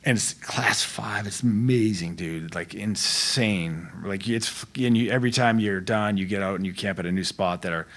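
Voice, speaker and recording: A middle-aged man with a lowish, fairly bright voice tells stories as a podcast guest at a moderate pace, with hardly any pauses. His casual chat is laid-back and slangy, rambling along with frequent restarts.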